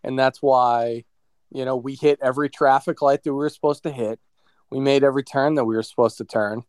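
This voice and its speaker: A man talks in a relaxed, reflective way on a podcast. His voice is smooth and resonant. The sound is dry and close, with no room around it. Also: mid-range voice, a little fast, dry recording. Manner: reflective, talks about faith. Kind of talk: casual conversation.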